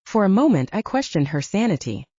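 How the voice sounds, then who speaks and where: A woman narrating a fantasy audiobook in an expressive storytelling manner, with dull lo-fi audio. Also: mid-range voice, a little fast, no room sound.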